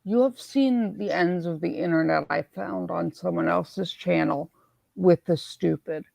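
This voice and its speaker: A woman hosting a casual live stream, hoarse from swelling in her neck, who chats in a self-mocking way and reads viewer comments aloud. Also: lowish voice, measured pace, a little mellow, no echo. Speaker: livestream host.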